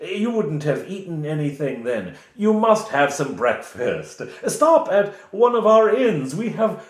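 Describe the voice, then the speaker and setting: A man voicing a falsely friendly village official who talks slowly and ingratiatingly. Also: fairly high pitch, sing-song, pitched above the performer's own voice. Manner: slow, ingratiating, chuckling. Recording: roomy echo.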